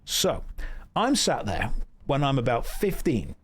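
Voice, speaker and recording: A man's voice: mid-range voice, huge pitch swings, slow pace, husky. Guy chatting on stream, jokey and self-mocking, voice jumps all over. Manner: joking, self-mocking storyteller reacting to chat. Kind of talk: casual live-stream chat while gaming.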